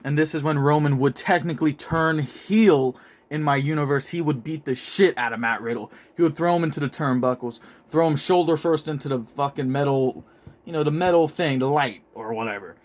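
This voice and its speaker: A young man casually narrating a made-up wrestling storyline in an excitable, profane play-by-play manner. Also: on the high side, brisk. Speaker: show host narrating a toy wrestling storyline.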